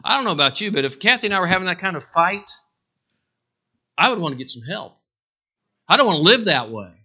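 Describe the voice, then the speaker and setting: A male pastor preaching a sermon, swinging from loud declarations to hushed asides and acting out quotes. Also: high voice, big pitch swings, a little fast, husky.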